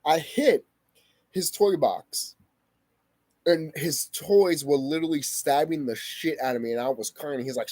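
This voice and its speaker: A man's voice: a little high, a little slow, darkish tone, no echo. A young man vlogging a heated personal story, swearing often and repeating himself for emphasis. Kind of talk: emotional personal storytelling to camera.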